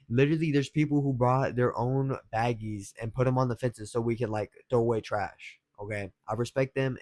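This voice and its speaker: A man's voice: medium pitch, a little mellow, dry recording. Casual slangy young man, dry close sound. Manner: rambling and slangy, swears freely, chuckles often. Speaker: dating advice vlogger. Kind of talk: casual storytelling.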